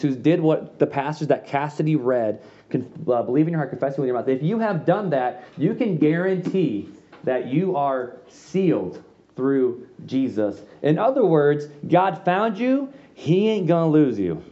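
Male youth pastor, mellow dark tone, slangy conversational preaching, slightly dull recording. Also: fairly high pitch. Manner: casual, slangy preaching with quick asides. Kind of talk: sermon. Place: church room with an audience.

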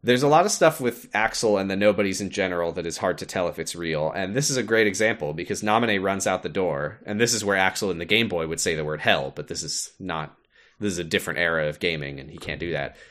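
A man's voice: low voice, fast talker, a bit bright. A man co-hosting a podcast, retelling a game in casual, playful chat. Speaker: podcast co-host.

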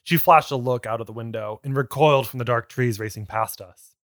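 A man's voice: mid-range voice, brisk, a bit bright, no room sound, clean studio sound. A man co-hosting a comedy podcast, reading a book aloud with sardonic asides and frequent laughter. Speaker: podcast co-host.

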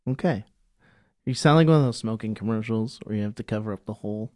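A man hosting a relaxed podcast among friends, joking and poking fun at himself. His voice sits at an ordinary pitch. The sound is dry and close, with no room around it. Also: quick pace, dry recording. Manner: joking, self-deprecating. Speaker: podcast co-host. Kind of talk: casual chat.

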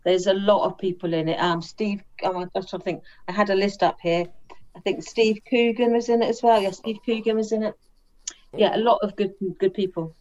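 A woman's voice: mid-range voice, fairly even intonation, a little fast, a little mellow. Thoughtful woman on dull lo-fi audio. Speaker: podcast co-host. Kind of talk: casual film review chat.

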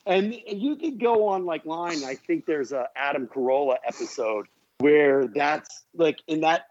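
A man appearing as a podcast guest, telling a story in a loose, animated, profane way full of asides. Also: a little high, a little slow, lo-fi sound. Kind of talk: casual storytelling.

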